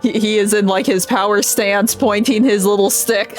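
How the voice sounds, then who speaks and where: A woman streamer chatting casually while she plays a game, giggly and chatty, with frequent soft laughs. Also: mid-range voice, steady tone, moderate pace, soft background music.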